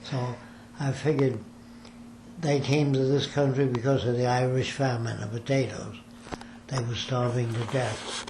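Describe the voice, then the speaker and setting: A man's voice: medium pitch, steady tone, a little slow, darkish tone. An older man in an interview, telling long stories about his life and acting out the people he quotes. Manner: rambling storyteller, acts out quoted voices. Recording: echoey room with faint ambient noise.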